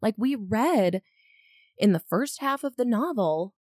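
A woman co-hosting a casual book podcast, reading narration aloud and chatting in an expressive, lively way. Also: on the high side, unhurried, no echo, studio quality. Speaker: podcast co-host.

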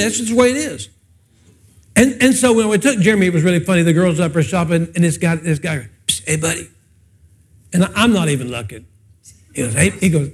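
A pastor preaches in a high, bright-pitched voice. He tells folksy, funny stories and keeps turning to the congregation with questions. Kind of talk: humorous preaching with personal stories.

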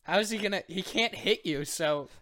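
Male podcast co-host, slightly high voice, jumps in with questions. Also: pushed and bright. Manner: interjects with quick questions. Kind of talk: casual chat.

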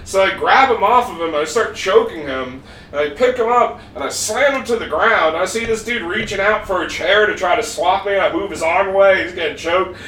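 A man's voice: high-pitched, a little fast, hardly any pauses, bright, forceful tone, far from the mic. A man hosting a podcast, telling a story with lots of laughter and swearing. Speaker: podcast host. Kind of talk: animated storytelling. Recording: echoey room, off-mic, faint hiss.

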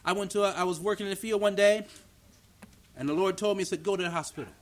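Man, pastor, high voice, animated sermon, acts out dialogue, church meeting. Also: fast talker. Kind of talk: storytelling sermon.

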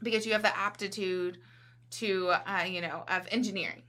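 A woman talks casually as a podcast guest, with a bright and forceful voice. She is talkative and keeps tagging her points with "right?". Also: medium pitch, steady tone, moderate pace. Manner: talkative, often checks in with "right?".

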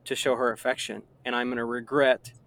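A man's voice: medium pitch, flat delivery, fairly quick, fairly bright tone. A man in his thirties chatting earnestly in a casual conversation, rambling with frequent restarts.

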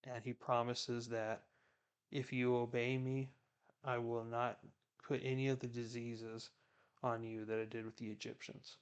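A man's voice: mid-range voice, flat delivery, a little slow, pauses often, smooth. A man giving casual Bible commentary, chatty, retelling scripture in everyday words.

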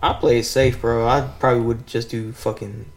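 A man's voice: mid-range voice, steady tone, a little fast, creaky, a little hiss or hum. A young man in a casual chat, joking and defensive with his friend. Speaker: podcast co-host.

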